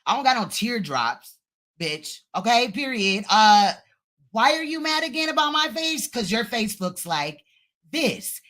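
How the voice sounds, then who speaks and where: Bright-voiced woman ranting profanely. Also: fairly high pitch, big pitch swings, measured pace. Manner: profane, insulting rant. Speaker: live stream host. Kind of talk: heated reaction livestream.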